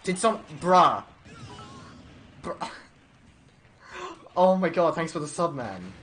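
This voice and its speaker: A young man giving excited, stammering live commentary on his game stream, laughing often. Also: fairly high pitch, slow pace, slight background noise.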